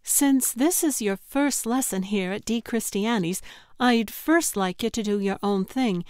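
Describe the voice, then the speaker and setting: A woman's voice: a little high, unhurried, darkish tone, dry recording, clean studio sound, natural voice. A woman reading an anxious young art instructor.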